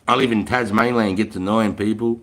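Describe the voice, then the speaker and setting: A man's voice: fairly low pitch, steady tone, brisk, a bit bright. Swearing Australian man in his forties. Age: 40s. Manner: swears freely, laughs often, matey banter. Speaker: livestream host, retired soldier. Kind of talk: casual livestream chat with viewers.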